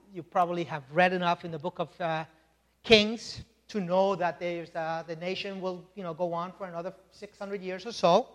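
A male pastor with a fairly high voice delivers a sermon in a church sanctuary, and a long hall reverb trails his words. He teaches conversationally, breaking off for asides and checking in with the congregation.

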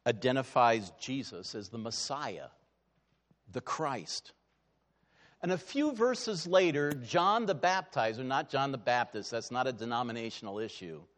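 Male pastor, sermon, high voice, very lively pitch, hushed to loud, long sanctuary reverb. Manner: dramatic, swinging from hushed to loud. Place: church sanctuary.

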